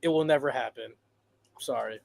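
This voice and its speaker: A man's voice: medium pitch, normal speed, vocal fry. A man co-hosting a wrestling podcast in casual chat, emphatic and theatrical, swearing freely. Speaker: podcast co-host.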